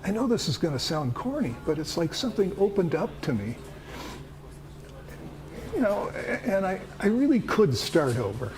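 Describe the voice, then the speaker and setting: A man's voice: high-pitched, sing-song, moderate pace, noisy background. An older man acting a grateful widower, earnest and heartfelt, in a TV drama. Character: grateful widower moved by an article.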